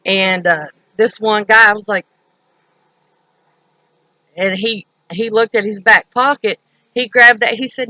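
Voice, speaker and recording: A woman's voice: medium pitch, steady tone, a little slow, pauses often, sharp tone, dry recording, rough recording. A woman from Kentucky telling stories in a rambling, profane, blunt way. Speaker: vlogger. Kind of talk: casual storytelling.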